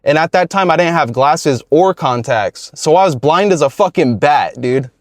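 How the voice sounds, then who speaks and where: A man in his twenties telling a story from his life in a relaxed, slangy, profane way. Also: on the high side, normal speed, no echo, studio quality. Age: 20s. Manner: laid-back, profane, slangy. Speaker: YouTuber. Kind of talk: casual storytelling vlog.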